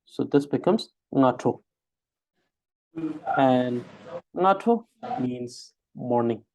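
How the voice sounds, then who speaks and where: A man's voice: medium pitch, expressive, drawn-out words, a little mellow. A man teaching an online spelling lesson over a video call, hesitant with many filler sounds, drilling syllables aloud one by one. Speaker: language teacher.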